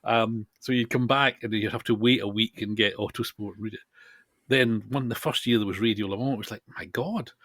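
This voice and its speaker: A man co-hosting a podcast, teasing and quick to laugh in casual chat. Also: lowish voice, fairly even intonation, a bit bright, dry recording. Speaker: podcast co-host.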